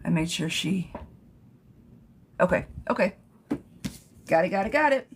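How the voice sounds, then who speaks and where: A woman's voice: fairly low pitch, expressive, a little slow, slight background noise. A woman giving yes-or-no tarot readings on a livestream, chatting casually as she reads viewer questions aloud and thanks commenters. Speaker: tarot reader.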